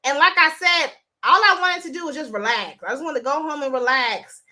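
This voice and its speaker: A woman with a high, bright voice chats with her live-stream viewers in a loose, blunt way, swearing freely. She talks into a phone. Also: brisk. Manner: chatty, blunt, profane. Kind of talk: casual live-stream chat.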